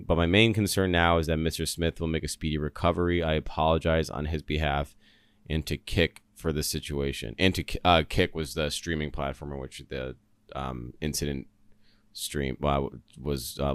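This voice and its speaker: Brief: male podcast host, very low voice, smooth and resonant, earnest solo commentary. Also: level tone, normal speed, dry recording. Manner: earnest, rambling, many fillers and restarts.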